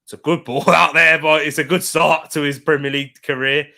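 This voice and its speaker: Young guy doing a footy watchalong, kinda high bright voice, chatty then yelling when stuff happens. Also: fairly quick, vocal fry. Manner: chatty, bursts into loud excited shouting at big moments. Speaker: football watchalong host. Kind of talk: live match commentary and chat.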